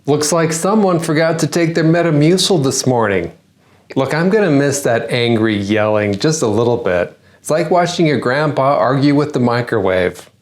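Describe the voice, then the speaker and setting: A man's voice: mid-range voice, expressive, moderate pace. A man hosting a comedy news segment, delivering a satirical monologue with sarcastic punchlines.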